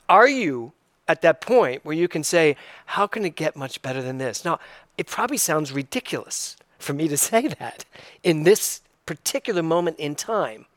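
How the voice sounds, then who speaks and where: Speaking slowly and thoughtfully, this minister has a fairly high, somewhat bright voice. Again and again he repeats his central phrases to drive them home, captured in a close, dry recording without any echo.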